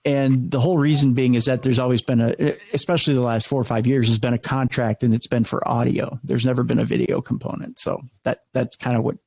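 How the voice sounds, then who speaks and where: A man's voice: mid-range voice, brisk, creaky, few pauses, breathy edge, low-quality recording. A middle-aged man, a radio host, telling stories in an interview with many restarts, acting out the people he quotes. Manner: animated, many restarts, acts out quoted voices. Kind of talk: casual interview storytelling.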